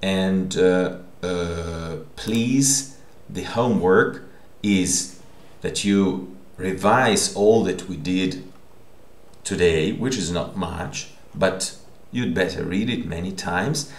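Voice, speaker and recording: A man's voice: deep voice, slow pace. A man teaching a language lesson, patiently explaining and repeating words, often checking in with "okay?". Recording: echoey room.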